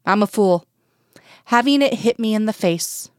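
A woman's voice: mid-range voice, expressive, moderate pace, no echo, studio quality, lightly acted. A woman reading as Dana, hurt and vulnerable. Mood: ashamed. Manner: soft, shaky.

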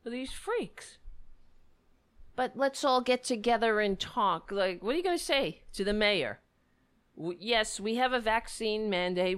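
Exasperated woman ranting, lively pitch swings. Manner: sarcastic, exasperated, profane. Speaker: commentator reacting to clips. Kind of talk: ranting commentary.

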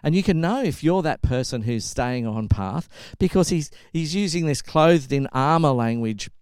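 A man's voice: mid-range voice, clear, resonant tone, dry recording, studio quality. A middle-aged man preaching a sermon in a conversational way, telling stories and acting out quotes. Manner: conversational, animated storytelling with acted-out quotes. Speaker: pastor.

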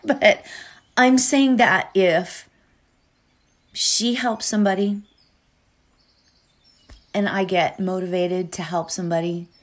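An earnest woman talks in a slow, unhurried way as she leads into a meditation, her voice sitting fairly low. She often checks in with her listeners by asking "right?". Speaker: meditation guide. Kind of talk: reflective talk before a guided meditation.

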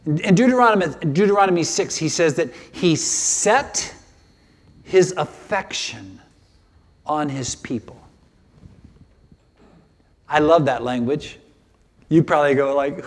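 Older male pastor, high-pitched, passionate sermon delivery with restarts. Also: a little slow, long pauses. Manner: emotional, animated preaching with repetitions.

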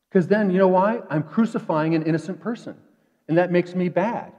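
A man preaching a sermon in a conversational way, dropping to quiet asides and rising to emphatic peaks. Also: a little high, a little fast. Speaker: pastor. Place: church sanctuary. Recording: dull echoey church hall.

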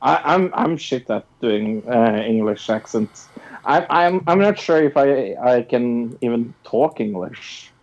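A man's voice: mid-range voice, expressive, slow pace, a little mellow. A man co-hosting a podcast in casual chat, hesitant and full of fillers and restarts. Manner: hesitant, full of filler sounds and repeated words. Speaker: podcast co-host. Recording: dull lo-fi recording.

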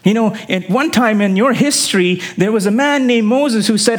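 A man preaching a sermon in an earnest way, his emphasis climbing on key phrases and then dropping low. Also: normal speed, few pauses. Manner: earnest preaching with rising emphasis and sudden drops. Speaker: pastor.

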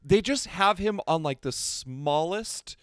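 A man co-hosting a casual podcast, animated and wry, often laughing through his asides. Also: high voice, slow, no echo, studio quality. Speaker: podcast co-host. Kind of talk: casual chat.

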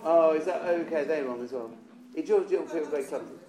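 A man's voice: fairly high pitch, a little fast, a little mellow. A man leading a choir rehearsal, coaching vowels and singing short lines to demonstrate. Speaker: choir director. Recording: roomy echo with faint instrument.

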